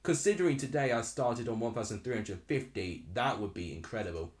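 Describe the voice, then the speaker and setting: A young man in his twenties from Essex hosts a live football watchalong. He rambles in a chatty way and reacts aloud to the match, with a lively, swooping pitch. His voice sits in a roomy space with a noticeable echo. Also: fairly quick. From Essex, England. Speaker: live stream host.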